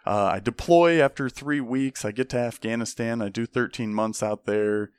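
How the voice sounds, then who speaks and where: A man's voice: medium pitch, moderate pace, clear, resonant tone, no echo. A young man, an army veteran, telling stories casually and acting out the people he quotes, with frequent swearing. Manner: animated, acts out the people he quotes, swears often. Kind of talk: casual storytelling.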